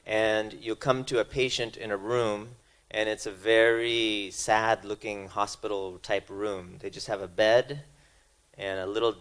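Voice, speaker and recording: A man's voice: on the low side, fairly even intonation, unhurried, fairly bright tone, smooth. A man giving a spiritual lecture, speaking conversationally and telling stories, often restarting his phrases. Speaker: speaker at a religious talk.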